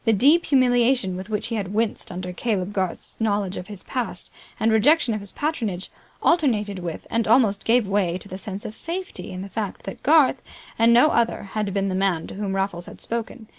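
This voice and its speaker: A woman reading a novel aloud as an audiobook narrator, in steady, even scripted narration. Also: mid-range voice, a little fast, no room sound.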